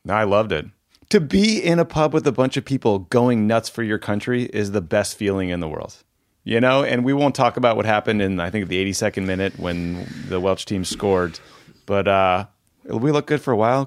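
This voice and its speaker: A man hosting a casual podcast, talking in a relaxed, easygoing way and quick to approve. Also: on the low side. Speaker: podcast host.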